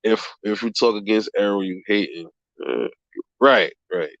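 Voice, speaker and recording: A man's voice: fairly low pitch, a bit bright, dry recording, highs cut off. Profane, rambling man hosting a boxing stream. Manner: profane, rambling, quick to laugh; calls viewers bro and man. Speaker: boxing channel host. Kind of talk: casual livestream chat reading comments.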